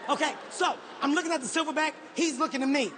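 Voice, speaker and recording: Man, stand-up comic, very high voice, animated and loud, live show with noise behind. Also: fast talker. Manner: animated, shouting and profane. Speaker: stand-up comedian. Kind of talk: stand-up storytelling. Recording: live show with audience ambience.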